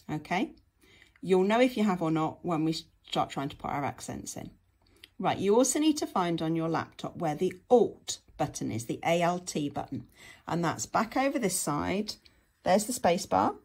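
A woman's voice: on the low side, a little mellow, breathy edge. A woman, teaching patiently and step by step in a screen-share tutorial. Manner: patient, step-by-step, frequent "okay".

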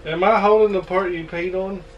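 A man's voice: high voice, steady tone, moderate pace, muffled recording. A man, a father, making dry joking remarks at home during a family video. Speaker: father, husband of the host. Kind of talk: casual family chat. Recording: distant from phone mic, noisy.

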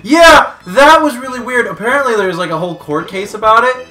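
A man's voice: very high-pitched, expressive, a little fast, a little hiss or hum. A man co-hosting a casual chat, blunt and heavily profane. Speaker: co-host. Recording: loud background music.

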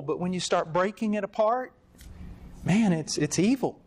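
A middle-aged man preaching in a lecture-style sermon, telling stories emphatically and jumping up in pitch on his key points. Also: normal speed, a little mellow.

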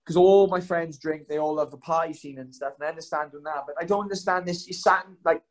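A man's voice: a little high, fairly even intonation, rough recording. A young man, a guest telling stories in a loose, rambling way full of fillers. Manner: rapid rambling delivery full of "um" and "like". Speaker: guest, pro fighter. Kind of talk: casual storytelling chat.

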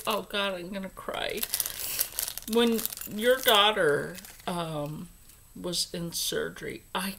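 Slow-talking woman gushing over jewelry. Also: mid-range voice, sharp tone, a little hiss or hum, low-quality recording. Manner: chatty, gushing over jewelry, drifts into whispers. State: congested from allergies. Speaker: vlogger. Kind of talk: casual jewelry unboxing chat.

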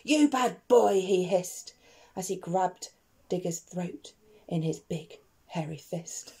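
A woman teacher reads a rhyming picture book aloud to children, expressive and playful, pausing to ask her listeners questions. Her voice is lowish and slow with a breathy edge.

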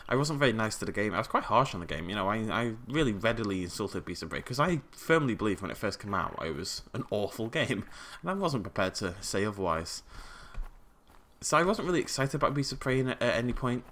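A man giving casual, jokey commentary over a survival game, prone to sudden startled yelling. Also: fairly low pitch, big pitch swings, a little fast, a little hiss or hum. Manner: chatty, jokey, yells when startled. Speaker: gaming YouTuber.

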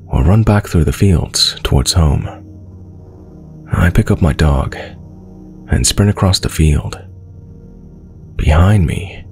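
A man reads a first-person horror tale in a steady, measured way. His voice sits very low and carries a gravelly rasp. Soft music plays faintly behind him. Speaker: horror story narrator. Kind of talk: scripted first-person narration.

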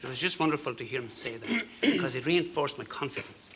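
An Irish man in his fifties, a talk show guest, telling a personal story in an earnest, halting way. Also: mid-range voice, sing-song, a crowd in the background. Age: 50s. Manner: earnest, halting, with fillers and soft dropped phrases.

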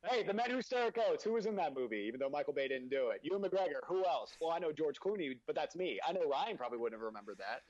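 Podcast co-host, man, ranting teaser with a slightly high voice, dry and dull recording. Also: animated, fast, few pauses, darkish tone. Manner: ranting, teasing, repeats himself. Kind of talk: casual podcast banter.

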